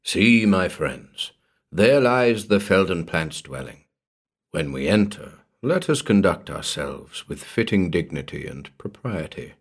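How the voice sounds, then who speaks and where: A mild village priest in a weird-tale reading, speaking softly and solemnly, as a male narrator puts him on. The voice stays deep and unhurried. Calm and grave throughout. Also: slightly rough, full character voice. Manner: soft-spoken and solemn. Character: mild, gentle middle-aged village priest, man.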